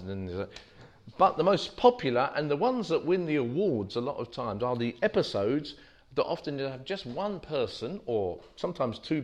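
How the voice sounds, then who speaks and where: A man gives an informal teaching talk to a small audience as a street preacher, telling stories about himself in a self-deprecating, anecdotal way. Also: mid-range voice. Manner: self-deprecating, anecdotal, with frequent restarts and chuckles. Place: meeting room with a small audience.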